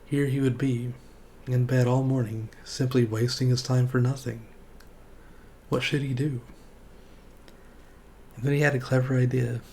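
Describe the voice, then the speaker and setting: Gravelly man reading a storybook aloud. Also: mid-range voice, level tone, unhurried, pauses often, darkish tone, a little hiss or hum. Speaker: streamer.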